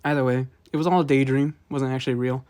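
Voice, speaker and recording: A man's voice: medium pitch, steady tone, fast talker, a little mellow, clean tone. A man rambling casually through a game review, with lots of fillers and frequent chuckles. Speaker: gaming video host.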